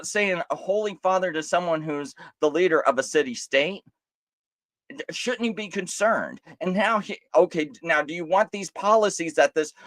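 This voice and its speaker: Animated man ranting live. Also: fairly high pitch, dry recording. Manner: animated and rhetorical, with frequent restarts and mocking quoted voices. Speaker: live stream host. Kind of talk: impassioned live commentary.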